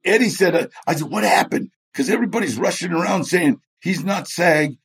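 Guy telling stories in an interview, a bit high, husky, does all the voices. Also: a little fast. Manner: animated, acts out quoted voices, laughs often. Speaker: guest. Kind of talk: storytelling in a chat interview.

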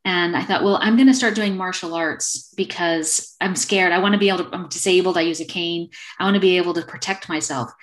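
On a video call, an acupuncturist in her fifties tells a story, voicing the quoted back-and-forth herself. She speaks fairly quickly in a low-ish voice with few pauses, in a casual interview setting.

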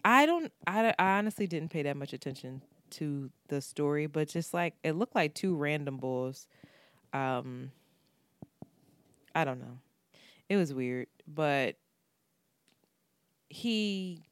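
Podcast co-host, woman, candid and profane, low resonant voice. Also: animated, takes it slowly, pauses often, no echo. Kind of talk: casual chat.

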